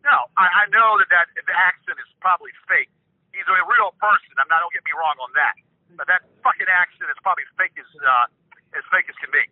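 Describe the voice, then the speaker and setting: A man's voice: sits high, fairly quick, no echo. An older man on a phone call, profane and suspicious, stammering as he vows to find out who is pranking him. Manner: suspicious and defiant, rising in anger. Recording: dry tinny phone line.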